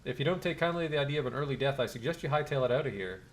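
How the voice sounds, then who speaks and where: A man's voice: medium pitch, expressive, rapid-fire, a little hiss or hum, natural voice. A man voicing a stern corporate gate guard, curt and commanding.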